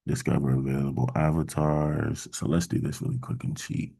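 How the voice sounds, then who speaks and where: A man hosting a casual coding workshop, thinking aloud in a halting way with many fillers and mild exasperation. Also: extremely low pitch, little pitch movement, creaky, warm tone, breathy edge. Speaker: workshop host. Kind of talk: casual screen-share coding walkthrough.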